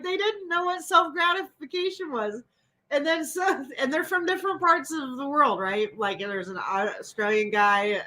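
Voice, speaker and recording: Chatty woman host, bit high. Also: fairly bright tone, poor audio. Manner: chatty, laughing storyteller. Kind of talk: casual chat.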